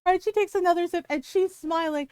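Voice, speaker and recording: A woman's voice: very high voice, a little fast, a little mellow, dry recording. A woman livestream host telling a story in casual chat, emphatic and full of profanity, laughing often.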